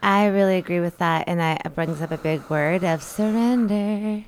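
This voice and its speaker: A woman co-hosting a radio talk show, talking earnestly about spiritual growth in a casual, animated way from a radio studio. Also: fairly low pitch, moderate pace, a little hiss or hum. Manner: earnest, animated, builds ideas aloud.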